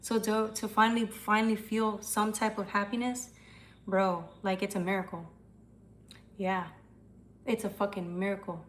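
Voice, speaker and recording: A woman's voice: mid-range voice, flat delivery, moderate pace, long pauses, a bit bright, a little hiss or hum. A young woman hosts a tarot livestream, talking loosely to her viewers. She answers their comments as they come in and swears casually.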